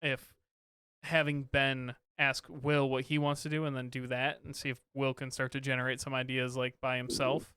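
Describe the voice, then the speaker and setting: Smooth-voiced dad chatting on a podcast. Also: male voice, mid-range voice, level tone, normal speed, bright, forceful tone, no echo. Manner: rambling, many fillers and restarts. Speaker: podcast co-host, father. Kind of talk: casual chat.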